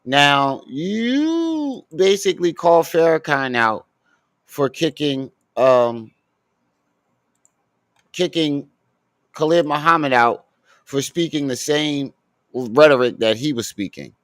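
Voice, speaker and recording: A man's voice: fairly high pitch, lively intonation, slow pace, long pauses, fairly bright tone, dry recording. Mocking man, dry close sound. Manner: mocking, laughing, crude. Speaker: commentary streamer reacting to clips. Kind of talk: profane reaction commentary.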